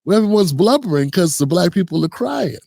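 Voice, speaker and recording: Man, high-pitched voice, dry close sound, casual spoken commentary, restarts and rhetorical questions. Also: sing-song, a little fast, creaky, dark tone, no echo. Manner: earnest, restless, full of restarts and rhetorical questions. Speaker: commentary channel host.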